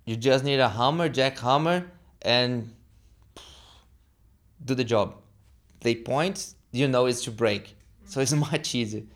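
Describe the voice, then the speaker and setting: Brazilian man telling lively stories. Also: medium pitch. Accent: Brazilian Portuguese. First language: Portuguese. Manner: animated, acts out quoted dialogue, halting non-native phrasing. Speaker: guest. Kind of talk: casual storytelling interview.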